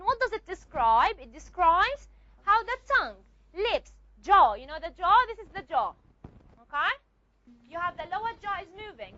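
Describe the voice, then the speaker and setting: Her voice is very high-pitched, bright, and forceful, though the recording is muffled. She teaches phonetics, lecturing a class while restating her points and checking students' understanding with frequent questions.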